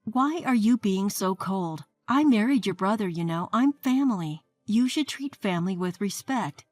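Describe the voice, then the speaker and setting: A woman's voice: medium pitch, moderate pace, no room sound, lightly acted. A woman voicing a pushy, sarcastic sister-in-law who talks in a righteous, demanding way. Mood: scolding. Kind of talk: scripted story narration.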